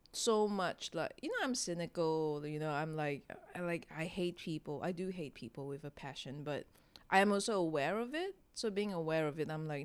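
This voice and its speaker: Chatty woman comedian, smooth voice. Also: sits low, expressive, moderate pace. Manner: chatty, self-deprecating, laughs often. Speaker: stand-up comedian, guest. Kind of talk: casual interview chat.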